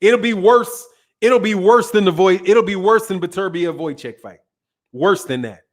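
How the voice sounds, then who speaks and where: Brash, high-voiced man talking boxing. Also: normal speed. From Chicago. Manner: brash, profane, emphatic, repeats himself. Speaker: boxing talk show host answering viewer chat. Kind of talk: casual live-stream chat.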